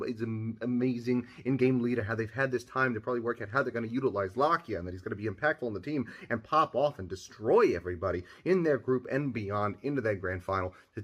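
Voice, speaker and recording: A man's voice: on the low side, a bit bright. A man voicing a brash, foul-mouthed male sports fanatic with a New Jersey accent, delivering a swaggering trash-talking rant in a recorded video monologue.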